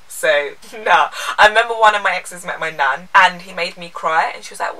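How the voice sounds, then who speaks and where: Young girl doing a q&a vlog, chatty and cheeky, crisp bright voice, mic a bit far off. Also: on the low side, moderate pace, few pauses. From England. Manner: chatty, candid, playful. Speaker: lifestyle vlogger. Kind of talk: casual Q&A vlog.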